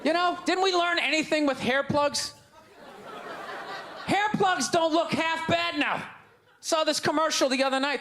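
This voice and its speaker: A middle-aged man with a Boston accent performs a brash, ranting stand-up set on a comedy stage, mocking the live crowd through a handheld mic. His voice is very high, bright and forceful, delivered at a measured pace with long pauses. The live club recording picks up crowd noise.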